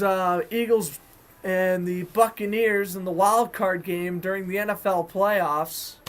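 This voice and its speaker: A man with a Boston accent giving chatty, excited fan-made play-by-play commentary on a hockey game. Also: high voice. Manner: excited, chatty, self-correcting. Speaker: sports commentator.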